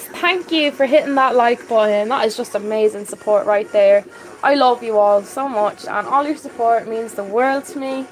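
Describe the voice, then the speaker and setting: A woman from Ireland with a Dublin accent, chatting casually on a live stream and answering viewer comments with excited warmth. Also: a little high, normal speed, slight background noise, rough recording. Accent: Dublin Irish. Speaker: fish-keeping live streamer.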